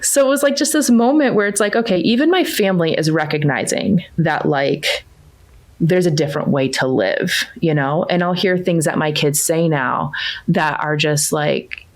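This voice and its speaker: A woman in her thirties with a low, deep speaking voice tells a family story in relaxed conversation. She talks casually and gets animated, jumping way up in pitch when she quotes her kids. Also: moderate pace. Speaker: coaching client sharing her story.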